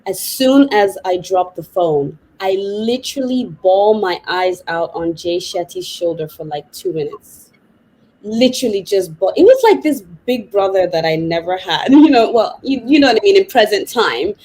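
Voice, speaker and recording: A woman psychotherapist, a podcast guest, telling a personal story in a lively, vivid way. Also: mid-range voice, normal speed, poor audio. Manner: animated, vivid retelling with laughs.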